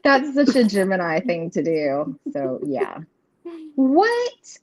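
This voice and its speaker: A woman's voice: on the low side, very animated, a little slow, no echo. A woman reading tarot and oracle cards in a casual live stream chat, rambling with many "you know" fillers and frequent laughs. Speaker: tarot and oracle card reader. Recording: dull lo-fi stream audio.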